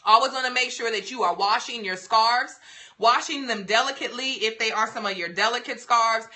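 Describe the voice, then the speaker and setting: A woman's voice: on the high side, pushed and bright. A young woman hosting a casual livestream, giving beauty tips in a sassy, playful, emphatic way.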